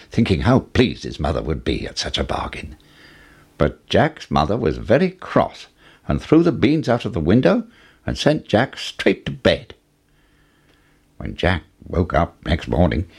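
A man reads a children's story aloud in a low, gravelly voice. He is husky and breathy. His pitch swings very widely as he tells it. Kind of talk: storybook reading.

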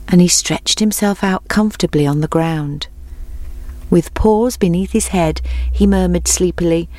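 Female storybook narrator, lowish voice, measured and clear, dry booth sound. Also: a little mellow, no echo.

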